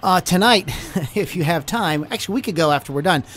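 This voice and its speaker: A man's voice: sits high, lively intonation, brisk, a bit bright. A man hosting a radio show in a casual, joking, rambling chat with his co-host. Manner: joking, rambling, plugs band dates.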